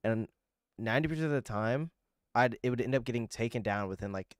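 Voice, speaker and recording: A young man streams and chats loosely with viewers, rambling, swearing and getting irritated. His medium-pitched voice is brisk, recorded at studio quality with no room sound.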